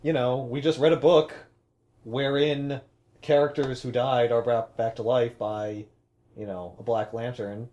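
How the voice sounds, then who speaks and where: A man's voice: mid-range voice, measured pace, dull audio. A man co-hosting a casual comic book podcast, talking hesitantly with lots of fillers. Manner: hesitant, filler-heavy, deadpan. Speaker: podcast co-host.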